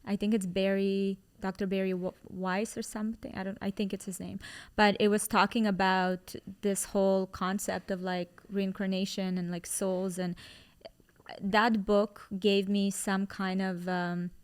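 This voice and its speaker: Woman with a smooth, clear voice. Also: mid-range voice, flat delivery, measured pace. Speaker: podcast host. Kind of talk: casual chat.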